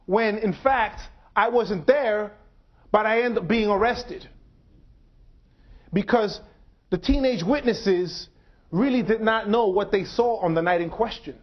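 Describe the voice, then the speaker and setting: A man in his forties delivers a public lecture in short, measured phrases broken by dramatic pauses. His voice sits fairly high. The recording is dull and lo-fi. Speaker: speaker.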